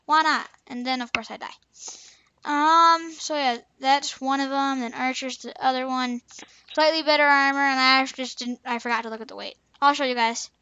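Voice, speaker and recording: A woman's voice: sits high, steady tone, moderate pace, sharp tone, clean tone, dry recording, lo-fi sound. A young woman casually commenting on her gameplay, playful and chatty, repeating teasing taunts. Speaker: gaming channel host.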